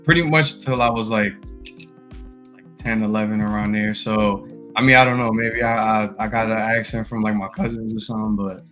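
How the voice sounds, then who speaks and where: A young man with a New York accent chats on a podcast in a relaxed, easygoing way and laughs often as he tells his stories. Faint music plays in the background. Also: fairly low pitch, moderate pace. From New York area, raised in New Jersey. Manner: laid-back, laughs often while telling stories. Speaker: guest, teacher. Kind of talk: casual podcast chat.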